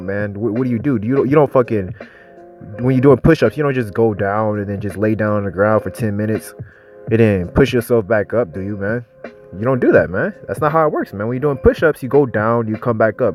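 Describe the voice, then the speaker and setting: A man's voice: fairly low pitch, darkish tone. A young man giving informal, rambling religious teaching in profane street talk, ending his phrases with "man". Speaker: preacher.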